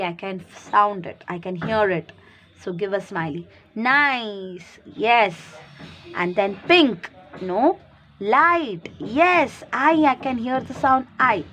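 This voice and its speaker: A woman teacher who talks at a slow, patient pace in a fairly high voice. She asks questions and answers them herself, repeating and spelling words for young pupils. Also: fairly bright tone. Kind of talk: recorded classroom lesson for young children.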